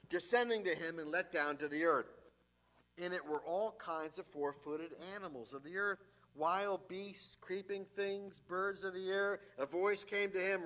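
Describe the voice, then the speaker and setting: A man delivers a sermon in a high, bright voice with a forceful edge. He reads scripture passages, then breaks off for wry, joking asides. He grows louder and more emphatic as he presses his points. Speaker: pastor.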